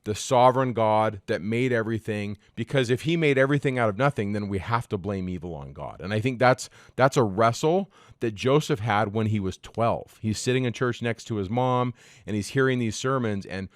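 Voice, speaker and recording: This man talks in a fairly low register with energetic, self-deprecating enthusiasm, as though walking friends through a lesson. The sound is dry and close, with no room around it. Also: moderate pace, dry recording. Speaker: teacher. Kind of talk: casual podcast discussion.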